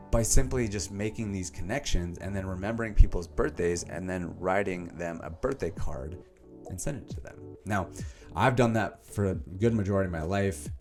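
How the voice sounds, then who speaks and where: Young man, very low voice, animated casual vlog talk, faint music underneath. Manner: animated, emphatic delivery with many fillers. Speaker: self-help book summarizer.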